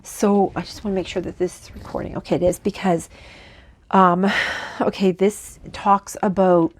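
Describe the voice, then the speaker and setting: A woman channeling spirits in a rambling, halting monologue, often breaking off to talk back to unseen voices. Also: medium pitch, little pitch movement. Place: lives in Canada.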